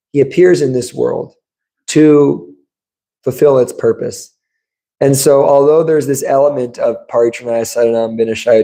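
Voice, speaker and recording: A man speaks to a temple congregation in a relaxed, storytelling manner. His voice is gravelly and dark, with a mellow tone. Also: mid-range voice, rough recording. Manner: conversational storytelling, acts out quotes. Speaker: temple speaker giving a scripture class. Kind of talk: sermon. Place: temple room.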